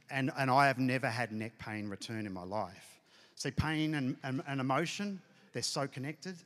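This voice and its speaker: Hall reverb fills this church hall recording, where a middle-aged pastor with a medium-pitched, fairly bright voice relates a personal testimony. The sermon is heartfelt and emotional, spoken straight to his congregation.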